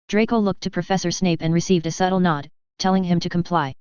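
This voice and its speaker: A woman narrating a story aloud, in a steady, even storytelling manner. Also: fairly low pitch, fast, few pauses, smooth, no room sound. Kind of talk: audiobook reading of fan fiction. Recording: dull, slightly muffled recording.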